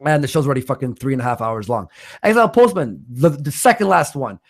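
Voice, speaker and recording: A man hosting a livestream, reading out donations in blunt, swear-heavy casual chat, with a stutter and a voice roughened by smoking. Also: medium pitch, expressive, fast talker. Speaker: livestream host.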